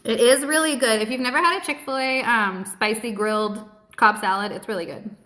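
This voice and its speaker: A woman with a high, bright, sharp voice chats live from home into her phone. She is blunt, cheerful and swears freely, talking with her mouth full between bites. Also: brisk. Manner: blunt, cheerful and heavily profane; talks with her mouth full while eating. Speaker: host of a live keto Q&A stream. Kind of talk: casual live-stream chat while eating.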